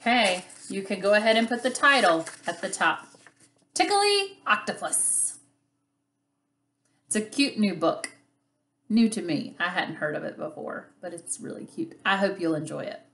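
A woman's voice: mid-range voice, a bit bright. A woman teaching young children a reading lesson on video, giving patient, encouraging instructions and reading a picture book aloud. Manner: patient, encouraging, speaks slowly to young learners.

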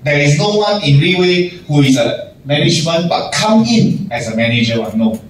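Guy managing a staff talk, kinda high voice, sounds far from the mic in a big echoey room. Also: normal speed, slight background noise. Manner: animated, acts out little scenes with laughs. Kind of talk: casual motivational talk.

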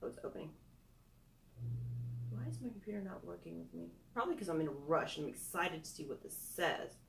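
A woman's voice: lowish voice, lively intonation, a little fast, vocal fry, reverberant, slight background noise. A young woman chatting casually through a product review, self-deprecating with giggly asides. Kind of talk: casual screen-recorded review.

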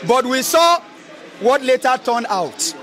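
A man with a Nigerian accent giving an excited, emphatic fan reaction in a street interview, repeating his phrases. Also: very high-pitched, takes it slowly, soft background music, some chatter behind. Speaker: football fan giving a post-match reaction.

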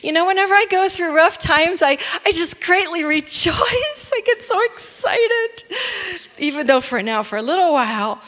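A giddy apostle bursts with delight in a high, excited voice, as a woman preacher puts him on. The sound trails off into a long church-hall reverb. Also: fast talker, few pauses. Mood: gushing. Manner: giddy, breathless exclamations. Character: overjoyed apostle man gushing about hardship.

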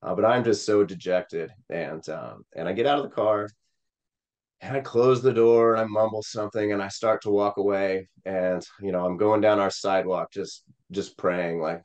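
A man with a low voice and a slightly dull sound tells a heartfelt story from his childhood. He rambles, using lots of "uh" and "you know," and drops into quoted voices of people he met. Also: normal speed, darkish tone. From Missouri. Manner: rambling with many fillers, quoting voices. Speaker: Senate candidate. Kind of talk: emotional personal storytelling.

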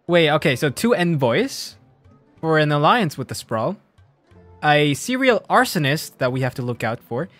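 High-voiced giggly male streamer. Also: very animated, normal speed, fairly bright tone, no echo, soft background music. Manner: giggly, reads game text aloud. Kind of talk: game stream commentary.

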